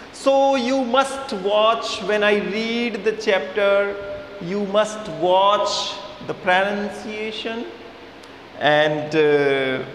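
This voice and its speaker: A man with an Indian English accent gives a video English lesson in a fairly high voice. He speaks slowly and with emphasis, repeating key words so the students catch them. The room is echoey, with a faint hiss in the recording. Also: fairly bright tone. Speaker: English teacher.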